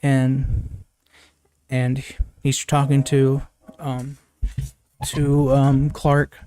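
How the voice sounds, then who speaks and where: A man's voice: monotone, drawn-out words, dark tone. A young man casually recapping a film as a reviewer, rambling with many fillers and restarts, laughing and swearing now and then. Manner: rambling, many fillers and restarts, jumps high when quoting characters. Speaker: movie reviewer. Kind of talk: casual spoken movie recap.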